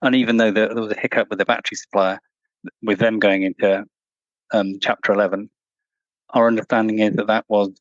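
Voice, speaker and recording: Low-voiced man, measured interview guest. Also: no room sound, lo-fi sound. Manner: measured, thoughtful, many restarts. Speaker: guest, former truck company employee. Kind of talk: podcast interview answers.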